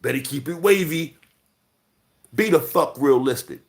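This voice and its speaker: A man's voice: on the high side, expressive, unhurried. A man from putting on a brash, slang-heavy street-tough caricature in a mocking, swaggering tone.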